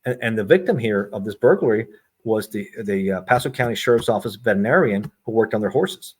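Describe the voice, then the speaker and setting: A man's voice: on the low side, lively intonation, slightly rough. A middle-aged man, a retired federal agent, telling stories as a podcast guest and acting out the dialogue he quotes. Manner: brisk storyteller who acts out quoted dialogue. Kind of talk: storytelling in a podcast interview.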